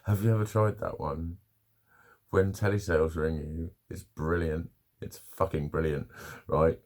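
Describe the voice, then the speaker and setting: Gravelly low-voiced man. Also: fairly even intonation, a little slow, darkish tone. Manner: swearing, laughing storyteller. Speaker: vlogger. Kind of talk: casual chat to camera. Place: at home with his dog.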